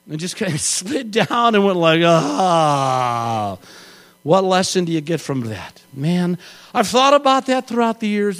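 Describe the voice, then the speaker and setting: A middle-aged man preaching a sermon and telling a lively personal story, acting out voices and yelling along the way. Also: sits high. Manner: animated storyteller, acts out voices and yells. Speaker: pastor.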